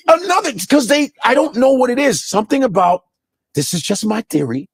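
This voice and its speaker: A man telling stories in a casual chat, animated and profane, laughing often and slipping into mock voices. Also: very high voice, a little fast, husky, dry recording, studio quality. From United States.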